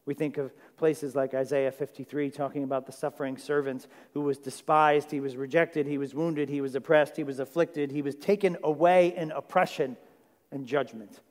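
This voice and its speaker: A man's voice: a little high, fairly even intonation, moderate pace, darkish tone. A male pastor preaching a sermon in a chatty, conversational way, checking in with his listeners. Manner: conversational, asks the audience questions. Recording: long hall reverb.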